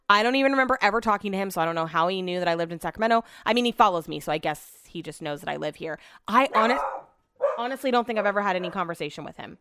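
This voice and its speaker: A sarcastic, chatty woman talks casually from home as a vlog host, swearing freely. Her voice sits at a middling pitch and is recorded dry and close, with no room echo. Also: expressive, rapid-fire, a bit bright. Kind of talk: casual chat.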